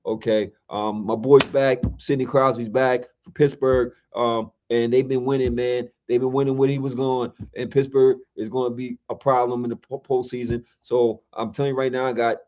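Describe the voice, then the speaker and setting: Brief: male podcast co-host, slangy and emphatic, keeps repeating himself, average pitch. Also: level tone, moderate pace, few pauses, a little mellow. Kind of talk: casual sports and movie chat.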